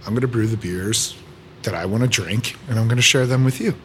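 A man, a brewer, chatting casually in a podcast conversation, relaxed and thinking aloud as he explains how he works. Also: lowish voice, a little fast. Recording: faint background noise.

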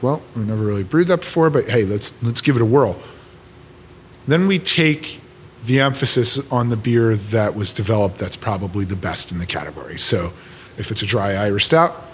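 A man, a brewer, chatting casually in a podcast conversation, relaxed and thinking aloud as he explains how he works. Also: lowish voice. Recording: faint background noise.

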